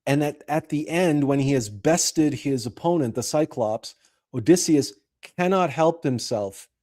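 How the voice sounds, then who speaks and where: A man hosting a show, retelling and explaining a classic story in a deliberate, explanatory way. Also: on the high side, a little mellow. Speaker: host.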